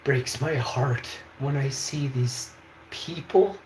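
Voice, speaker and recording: Taking things slowly, a man with a mid-range, slightly mellow voice hosts a livestream. He rambles emphatically and keeps checking in with his viewers, in an echoey room with faint background noise.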